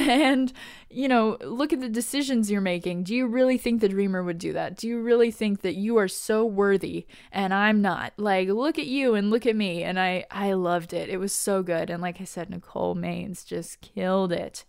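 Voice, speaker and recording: A woman hosting a podcast, recapping an episode in a casual, animated way. She laughs often and swears casually. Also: mid-range voice, moderate pace, vocal fry, smooth, dry recording, clean studio sound. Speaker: podcast host.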